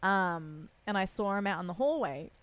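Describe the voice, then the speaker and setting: A woman from Australia with a soft Australian accent, chatting casually with her viewers while streaming a game. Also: medium pitch, expressive, moderate pace. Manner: chatty storyteller, talks to her chat by name. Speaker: livestreamer.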